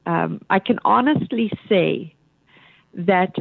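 An older widow speaking in an interview, reflective and halting as she remembers her husband. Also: lowish voice, vocal fry, slightly rough, no room sound. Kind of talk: emotional interview. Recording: dry phone-like line.

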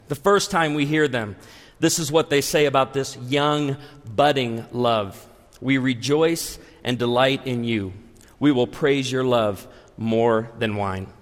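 A man in his forties, a pastor, preaching a sermon with animated, humorous storytelling. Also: a little high, long reverb tail. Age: 40s.

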